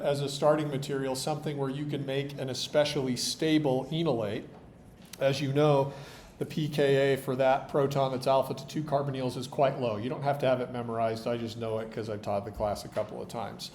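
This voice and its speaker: A man's voice: mid-range voice, darkish tone, a little hiss or hum. A man lecturing a university chemistry class, explaining with dry jokes, his voice tired. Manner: explanatory, dryly joking. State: tired voice, occasional coughing.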